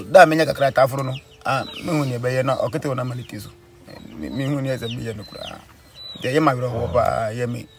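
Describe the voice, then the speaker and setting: A man with a Ghanaian accent, a father answering an interviewer's questions about his family, with his words often trailing off low. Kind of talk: interview answers in a rural setting.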